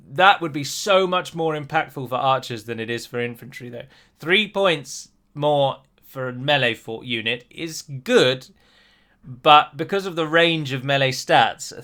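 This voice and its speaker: A man's voice: mid-range voice, bright, forceful tone. A man giving casual gameplay commentary, rambling and self-deprecating with chatty asides.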